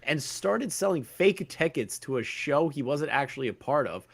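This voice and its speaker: Animated laughing male podcast guest. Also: on the high side, normal speed, gravelly, husky. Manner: reads aloud with laughing asides. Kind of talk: casual podcast chat.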